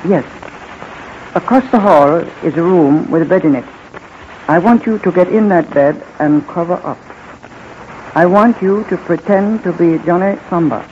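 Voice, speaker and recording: A man's voice: high-pitched, close to an everyday voice. A man playing a formal, composed army general in 1940s radio acting, heard on a dull old radio recording with faint hiss. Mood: commanding. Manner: formal and measured.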